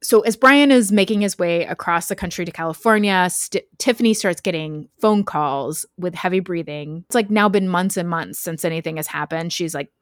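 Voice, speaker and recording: A chatty woman recounts a crime story in a loose, conversational way, peppering it with fillers and quick laughs. Her voice sits on the low side for a woman, and the sound is close and dry with no room around it. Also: no room sound. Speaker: podcast host telling a true crime story. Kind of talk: casual storytelling chat.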